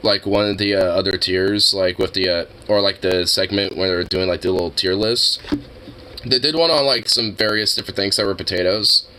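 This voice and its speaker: A man's voice: sits low, steady tone, fairly quick, sharp tone, a little hiss or hum. A young man hosting a livestream, chatting casually in a rambling, profane way and laughing often. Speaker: livestream host. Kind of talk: casual stream chat.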